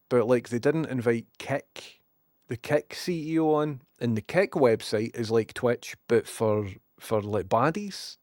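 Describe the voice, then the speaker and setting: A man's voice: medium pitch, darkish tone, no room sound. Scottish guy on stream, sarcastic rambling rant, lots of swearing, dry close sound. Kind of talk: casual live-stream rant.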